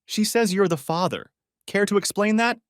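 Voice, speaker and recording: An enraged young brother, put on by a male storyteller in a spoken story hurls sarcastic accusations, his voice pushed high. The delivery swings widely in pitch. The sound is dry and close with no room. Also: lively intonation, a little fast, no room sound, close to an everyday voice. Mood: furious shouting. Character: furious young man, the narrator's accusing brother.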